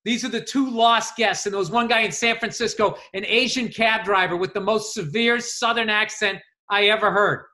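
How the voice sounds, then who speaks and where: A man co-hosting a podcast, telling animated stories in casual chat and swearing freely. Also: sits high, moderate pace, few pauses. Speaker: podcast co-host.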